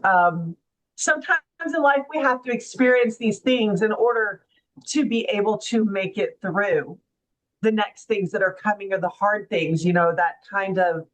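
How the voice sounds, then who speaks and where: A middle-aged woman tells her own story as an interview guest. She talks in a heartfelt, reflective way, often reaching for "you know" and "right?". Her voice sits at an ordinary middle pitch. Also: unhurried, a bit bright, poor audio. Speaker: guest author.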